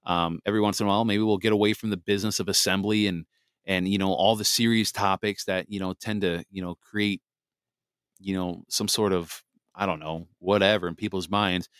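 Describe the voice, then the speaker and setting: Low smooth-voiced male podcast host. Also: steady tone, a little fast, fairly bright tone, no room sound, clean studio sound. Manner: rambling, many fillers and restarts. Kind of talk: casual solo podcast monologue.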